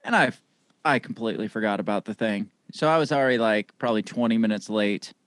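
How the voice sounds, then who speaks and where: A man's voice: fairly low pitch, fast, fairly bright tone, clear, resonant tone, dry recording. A man guesting on a podcast, joking and laughing through profane, casual banter.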